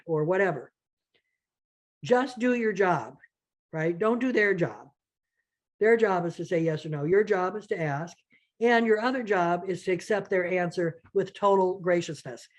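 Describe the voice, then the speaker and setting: A woman's voice: lowish voice, a little mellow. A woman giving a workshop lecture in a conversational way, with many fillers and restarts, often acting out what donors say. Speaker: fundraising trainer.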